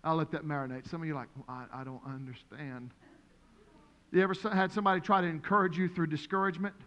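Pastor guy preaching hard, high bright voice, big reverby hall. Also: racing, muffled recording. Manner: emphatic preaching with repetition, rising to shouts. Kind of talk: sermon.

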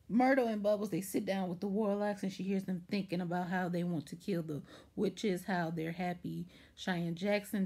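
Husky-voiced chatty woman vlogger. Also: on the low side. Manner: chatty, rambling, lots of "like" and "anywho"; animated retelling with acted-out quotes. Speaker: TV show reviewer. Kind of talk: casual episode recap vlog.

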